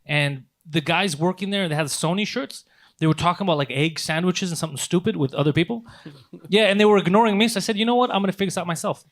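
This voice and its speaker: A man co-hosting a comedy podcast, telling a story in a casual, animated way with plenty of swearing. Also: high-pitched, fast. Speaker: podcast co-host.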